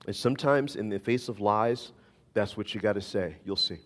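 A man's voice: on the low side, normal speed, long reverb tail. A man preaching a sermon as pastor, emphatic and repeating his key phrases.

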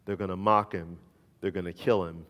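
A man voicing a calm, blunt male teacher figure who speaks low and matter-of-fact. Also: moderate pace, in a large hall.

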